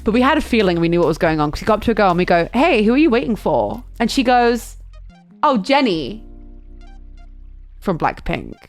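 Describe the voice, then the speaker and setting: A young woman streamer telling a chaotic travel story in casual chat, animated and full of fillers and restarts. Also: mid-range voice, brisk, soft background music.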